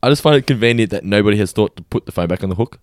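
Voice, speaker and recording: Laughing, quick Australian man. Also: fairly low pitch, animated, slight background noise. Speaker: podcast co-host. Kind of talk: casual chat.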